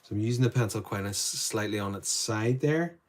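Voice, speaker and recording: A man with a fairly low voice runs a live painting demo from an indoor studio. He talks through each step quietly, as if thinking aloud. His voice lifts when he greets viewers and answers their questions. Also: fairly quick. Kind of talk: live-stream demo, talking to chat.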